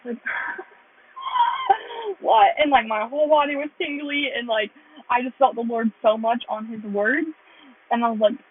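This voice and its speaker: A woman's voice: a little high, moderate pace, breathy edge. A young American woman earnestly telling her faith testimony in a rambling way, full of "like". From United States. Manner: earnest, rambling, heavy use of "like". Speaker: vlogger sharing her testimony. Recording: tinny phone-like sound.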